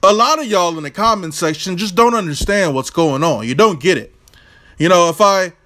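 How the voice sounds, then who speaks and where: High-voiced guy w/ aave ranting about boxing, brash n cussing a lot. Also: lively intonation, moderate pace, fairly bright tone. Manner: brash, profane, combative. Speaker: boxing commentator, channel host. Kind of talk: opinionated vlog rant.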